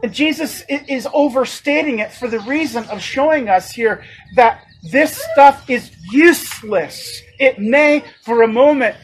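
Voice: sits high, unhurried, hardly any pauses, a little hiss or hum, low-quality recording. A preacher delivering a sermon, emphatic and fond of rhetorical questions.

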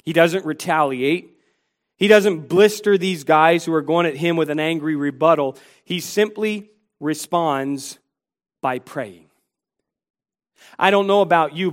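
Man, preacher, sermon, high voice, earnest, acts out mocking voices. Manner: earnest, voicing biblical figures and mockers.

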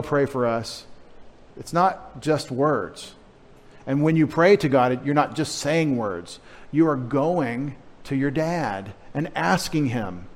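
A male pastor preaching a sermon in a conversational, emphatic way with wry humorous asides. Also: mid-range voice. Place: church sanctuary. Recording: long hall reverb.

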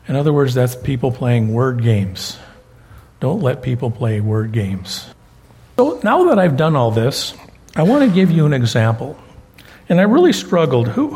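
A man's voice: a little high, a little mellow, breathy edge. An older man preaching a sermon as pastor, telling folksy stories and often repeating words as he goes.

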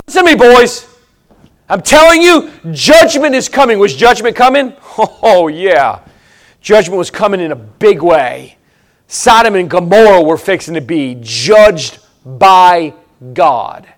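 A man preaching a sermon, repeating phrases for emphasis and swinging between loud and hushed lines. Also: high-pitched, big pitch swings, measured pace.

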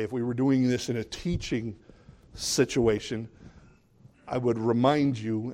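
A man preaching a sermon as pastor, animated, jumping up to high emphatic bursts and dropping low for asides.

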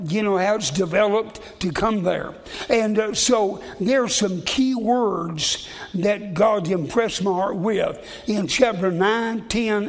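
A man with a notably high voice preaches a sermon, reading scripture aloud. His talk is folksy, circling back and repeating words as he goes. His voice rings out with a long reverb, as in a large hall.

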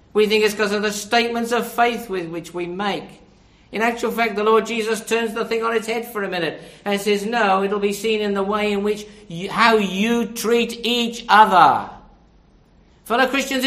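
A man's voice: high-pitched, bright, forceful tone, roomy sound. A man preaching a sermon, earnest and direct, asking his listeners rhetorical questions.

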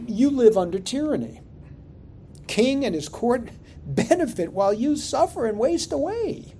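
A mocking male sage jeers at a listener, his voice pushed higher than usual and swooping with scorn. A man acts him out in the middle of a sermon. The tone is mellow underneath, with a faint rumble in the background. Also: creaky, heavily acted. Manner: mocking, taunting, emphatic. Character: sneering sarcastic male sage taunting a godless man.

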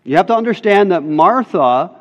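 A fairly high-voiced male pastor preaches in an emphatic, insistent way, repeating his key lines to drive them home. His voice carries a long reverb, as if recorded in a big church sanctuary. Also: lively intonation, normal speed, fairly bright tone, lo-fi sound. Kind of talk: sermon. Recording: long reverb of a large hall.

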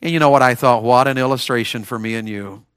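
Bright preacher man, folksy. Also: fast talker, clear, resonant tone. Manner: builds to high-pitched shouted climaxes, repeats phrases; folksy Southern storytelling with restarts. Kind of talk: revival sermon.

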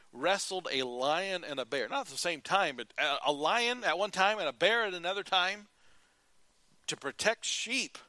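Male pastor, fairly high, bright forceful voice, earnest sermon delivery. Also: dry recording. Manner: earnest preaching, rising to emphatic calls and dropping to quiet.

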